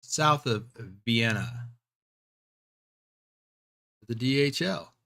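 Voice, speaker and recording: A man's voice: medium pitch, extremely slow, vocal fry. A middle-aged man hosting a live stream, chatting casually over gameplay and often losing his train of thought. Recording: steady background noise.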